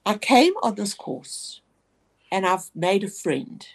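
A woman retelling a quiet young German man. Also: sits high, sing-song, slow pace, gravelly, heavily acted. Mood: earnest.

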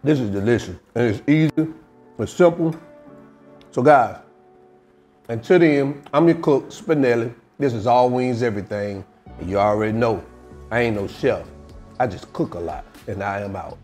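A man hosting a casual home cooking video, chatting in a relaxed way as he tastes his dish. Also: mid-range voice, normal speed, soft background music. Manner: laid-back, chatty, tastes food on camera. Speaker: home cook and channel host.

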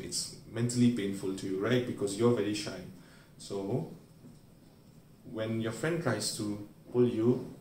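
A man's voice: lowish voice, a little mellow, slight background noise. A man teaching a medical memory aid by telling everyday stories and briefly acting out the people in them. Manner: storytelling, playfully acting out everyday scenes. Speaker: medical educator. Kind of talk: explaining a memory aid with acted-out examples. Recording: roomy sound, recorded from a distance.

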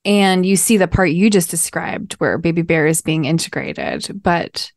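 A woman with a somewhat low voice chats on a podcast in a dry, close-miked recording. She tells stories quickly and sounds amused. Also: no echo. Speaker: podcast co-host. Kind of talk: casual chat.

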